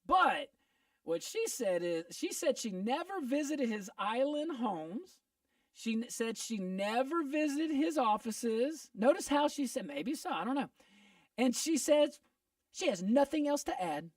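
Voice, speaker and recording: Man, talk show host, high voice, dry studio, a bit off mic. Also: sing-song, no room sound, recorded from a distance. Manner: upbeat and joking, quick asides. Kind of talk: casual radio talk show. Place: radio studio.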